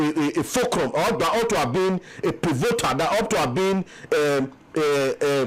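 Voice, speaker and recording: On a low-quality recording, a man whose voice sits on the high side comments on politics with passion and emphasis, repeating words as he builds his points. He has a Nigerian English accent and is an interview guest who serves as a peace commission official.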